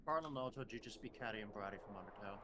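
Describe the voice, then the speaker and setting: A man joining a group chat as a friend on a call, bantering excitably. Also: lowish voice, racing, noisy background.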